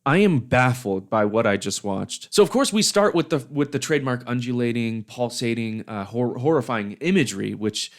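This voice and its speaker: A man's voice: medium pitch, normal speed, hardly any pauses. A young man giving profane, sarcastic comedic reaction commentary on videos. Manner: sarcastic, animated, swears a lot. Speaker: YouTube commentator.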